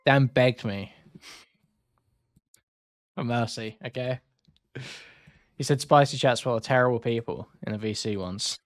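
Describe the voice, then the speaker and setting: A man's voice: mid-range voice, a little slow, pauses often, dry recording. Sarcastic man streaming, dry sound. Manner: sarcastic, blunt and rambling. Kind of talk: casual live-stream commentary.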